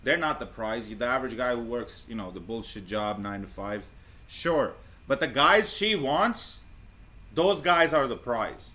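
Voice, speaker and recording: A man's voice: medium pitch, lively intonation, unhurried, bright, forceful tone. A man doing crude reaction commentary on clips, boastful and blunt, swearing freely.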